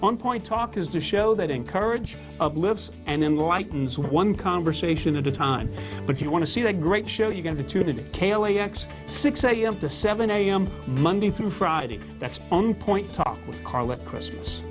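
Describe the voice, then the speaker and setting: A man's voice: high voice, animated, normal speed, over music. A man reading a scripted radio promo with upbeat announcer delivery.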